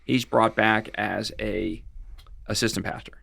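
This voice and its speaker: A middle-aged man talks through cases as a guest on an interview show, circling back and restarting his sentences as he goes. His voice is gravelly and bright. It is recorded close and dry, with no room around it. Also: fairly low pitch, steady tone, unhurried, dry recording. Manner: rambling, with frequent restarts and fillers. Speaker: guest expert on financial fraud. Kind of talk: casual interview storytelling.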